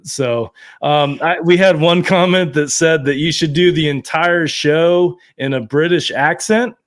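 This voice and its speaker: A man's voice: fairly high pitch, a little slow. A man hosting a casual sports podcast, joking as he runs a fan contest. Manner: joking, running a contest segment. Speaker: podcast host. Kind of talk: casual chat.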